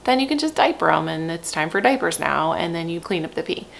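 Young mom vlogger, low gravelly fry, frank and chatty, laughs a lot. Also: female voice, animated, fairly quick. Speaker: parenting vlogger, mother of three. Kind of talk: casual chat to camera. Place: at home.

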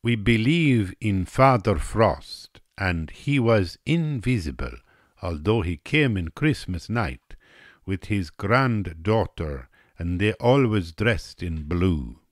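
A blunt, hospitable Russian hostess, put on by a man, speaking in slow, broken English. The pitch swoops, up and down, and the delivery is unhurried and low, with a close, dry sound. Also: big pitch swings, no echo, exaggerated voice. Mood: declaring.

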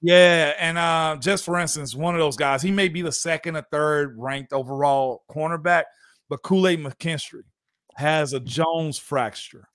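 A man's voice: on the high side, unhurried, a bit bright, no echo, studio quality. A man hosting a casual sports talk show, loose and chatty, laughing often. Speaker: former NFL guard and show host.

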